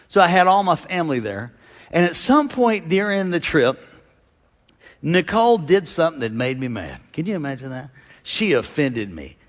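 A middle-aged male pastor preaching a sermon to a congregation, an animated preacher who swings between loud exhortation and quiet storytelling. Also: mid-range voice. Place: large church hall with a congregation. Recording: long hall reverb.

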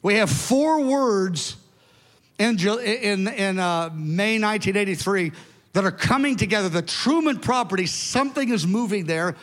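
An older man in his seventies with a high-pitched voice preaches to his congregation, spinning a story with animated emphasis and casual asides. His voice rings out through a large church hall with a long, lingering reverb. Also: unhurried. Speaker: pastor. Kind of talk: sermon storytelling.

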